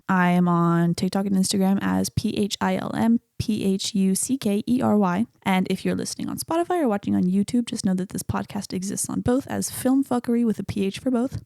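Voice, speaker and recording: A woman's voice: mid-range voice, gravelly, a little mellow, no room sound, studio quality. A woman hosting a solo podcast, talking casually and chattily about a movie, swearing freely. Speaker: podcast host.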